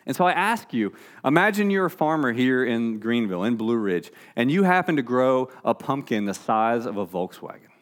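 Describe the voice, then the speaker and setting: A man's voice: mid-range voice, expressive, normal speed. A man preaching a sermon in a conversational way, often restarting his phrases. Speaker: pastor.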